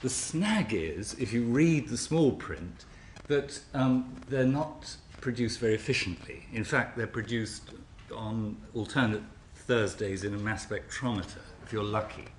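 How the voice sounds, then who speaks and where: A scientist giving an academic lecture in a stop-start way, often repeating words, with dry wit. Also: male voice, on the low side, measured pace, a little hiss or hum. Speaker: scientist giving a symposium talk. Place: lecture hall. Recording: echoey lecture hall.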